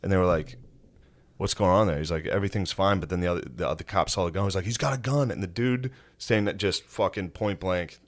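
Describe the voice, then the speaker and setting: Low-voiced man, dry podcast co-host. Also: fast talker. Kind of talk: casual podcast banter.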